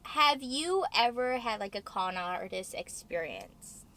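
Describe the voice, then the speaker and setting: A woman's voice: mid-range voice, expressive, takes it slowly, bright, forceful tone, slight background noise. A bubbly young woman who acts, co-hosting a casual chat, laughing often and using lots of fillers. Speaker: co-host, actress.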